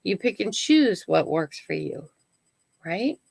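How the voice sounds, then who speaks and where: A woman's voice: mid-range voice, very animated, takes it slowly, gravelly, darkish tone, husky, no room sound, rough recording. An older woman hosting her own live stream, chatting casually to viewers and often checking in with "right?" and "okay?". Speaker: channel host.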